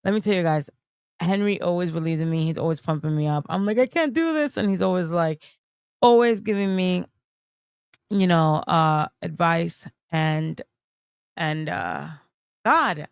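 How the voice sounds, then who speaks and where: Gravelly-voiced woman streamer, swearing. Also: lowish voice, fairly even intonation, moderate pace, darkish tone, no echo, studio quality. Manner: emotional, swears a lot, rambling. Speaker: streamer host. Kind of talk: casual livestream chat.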